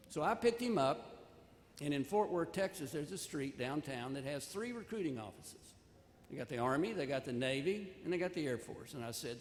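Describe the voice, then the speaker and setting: Speaking briskly and expressively in a fairly high voice, an older commencement speaker tells a homespun story from his own life and gives sincere advice. The recording comes from a big, echoey ceremony hall with long reverb, faint ambience and slight background noise.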